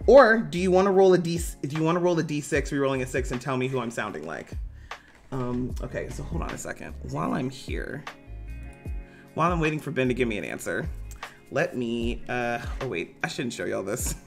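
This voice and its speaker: A man's voice: medium pitch, expressive, brisk, gravelly, faint music behind. A man hosting a game-design live stream, chatting casually and profanely with his viewers. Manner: casual, joking, profane, talks to chat by name.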